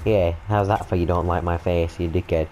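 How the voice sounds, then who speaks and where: A young British man doing excitable, swearing, joking commentary while playing a stealth game. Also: low-pitched, brisk, slight background noise, poor audio. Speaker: gaming video host. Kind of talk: let's-play commentary.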